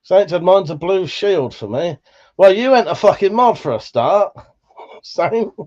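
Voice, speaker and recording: A livestream host from Buckinghamshire, England, reads his chat in a high-pitched, somewhat slow voice that sounds slightly worn, with dull audio. He keeps things casual and relaxed, swearing a lot and laughing often.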